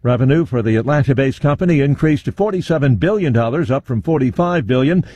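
A man reading a radio newscast as the anchor, in an even, scripted delivery. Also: medium pitch, fast, no echo. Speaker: news anchor.

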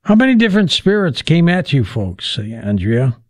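A man's voice: a little high, sing-song, normal speed, no room sound. A man hosting a radio talk show, asking questions and reading the closing credits. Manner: warm sign-off, reading a list of credits. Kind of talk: late-night radio talk.

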